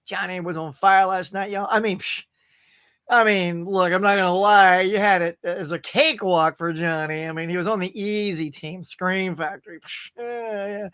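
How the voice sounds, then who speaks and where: A man's voice: high-pitched, fairly even intonation, normal speed, a bit bright, clean tone. A middle-aged man hosting a casual live stream, chatty and upbeat as he reads out viewers' comments. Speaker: host.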